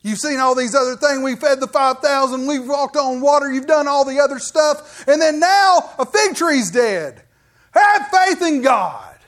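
A preacher acting out Jesus as an exasperated teacher who chides his disciples in an incredulous, emphatic way, building louder as he goes. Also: sits high, animated, measured pace, pitched above the performer's own voice.

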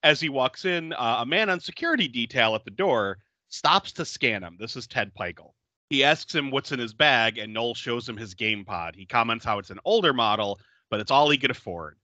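A man's voice: medium pitch, moderate pace, dry recording. A man hosting a podcast, recapping a film in casual chat and laughing often. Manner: laughs often, animated and chatty. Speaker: podcast host.

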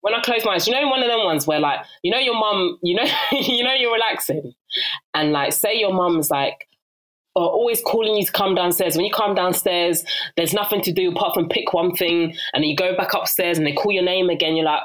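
A woman's voice: on the low side, fairly quick. A young woman with a South London accent, telling stories in a casual interview and acting out other people's voices. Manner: animated storyteller who acts out voices, laughs often. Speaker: guest.

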